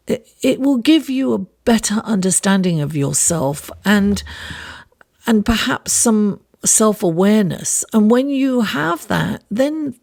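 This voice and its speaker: Slow, raspy woman reading tarot. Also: mid-range voice, a little mellow. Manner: unhurried, reflective, many fillers and restarts. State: raspy voice, under the weather. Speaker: astrologer and tarot reader. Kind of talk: weekly horoscope and tarot reading.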